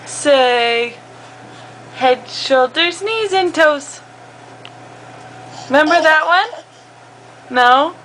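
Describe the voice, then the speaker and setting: A woman's voice: high-pitched, animated, very slow, long pauses, fairly bright tone, a little hiss or hum. A woman talking to her toddlers in a home video, coaxing them to repeat words in a sing-song voice and laughing often. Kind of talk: home video baby talk. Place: family home.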